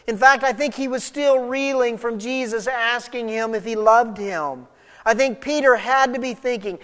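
A man preaching a sermon as a pastor, with an expressive delivery that swings between soft and emphatic. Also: very high voice, normal speed, big-room sound.

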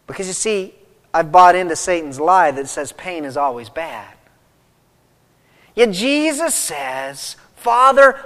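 A man delivers a sermon in a church sanctuary. His voice sits high for a man, and his emphatic peaks ring out into a long hall reverb. He reads scripture aloud and then works through it with rising intensity. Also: fairly bright tone. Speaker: pastor.

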